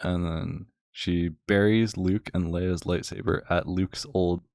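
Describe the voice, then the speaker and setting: A man's voice: deep voice, fairly even intonation, slow pace, vocal fry, a little mellow, no echo, clean studio sound. A man ranting casually and sarcastically to a friend, rambling with lots of filler words. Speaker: channel host.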